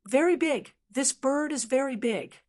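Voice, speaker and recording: A squawking, boastful little female blackbird from an audiobook, as a woman reader puts her on, raised higher than the narration. She sounds whiny and indignant, and the delivery is unhurried. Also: animated, darkish tone. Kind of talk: audiobook character voice.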